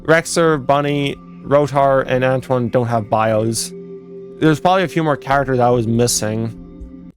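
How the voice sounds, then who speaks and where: A young fan game developer comments casually over footage in a mid-range voice, speaking a little slowly with faint music behind him. He rambles, corrects himself as he goes, and laughs at his own jokes.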